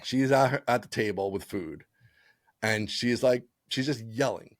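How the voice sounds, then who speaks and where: A man's voice: medium pitch, normal speed, no echo, clean studio sound. A man co-hosting a podcast, telling stories in casual chat and laughing often. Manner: animated storyteller, laughs often. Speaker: podcast co-host.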